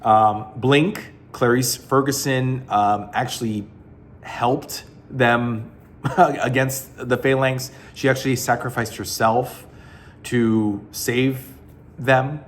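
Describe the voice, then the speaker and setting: A man's voice: medium pitch, steady tone, slow, a little hiss or hum. A man giving a casual, rambling spoken review of a comic book collection, blunt and full of fillers and restarts.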